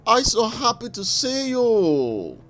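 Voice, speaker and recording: A giddy toy teddy bear. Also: male voice, wildly swooping pitch, slow, fairly bright tone, faint music behind, full character voice. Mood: gleeful. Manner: high squeaky sing-song repetition. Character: squealing toy teddy bear, overjoyed, childlike.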